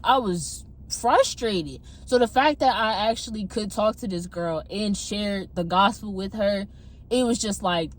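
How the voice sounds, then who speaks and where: A young woman telling a personal testimony in a casual, animated way, laughing often and acting out her own past outbursts, talking from her parked car. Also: medium pitch, measured pace. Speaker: testimony vlogger. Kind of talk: casual storytelling.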